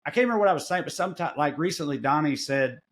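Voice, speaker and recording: Brief: Southern US comedian host, middle-aged man, loose profane rambling chat, slightly raised pitch. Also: expressive. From American South. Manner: rambling, profane, quick asides. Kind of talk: casual podcast chat.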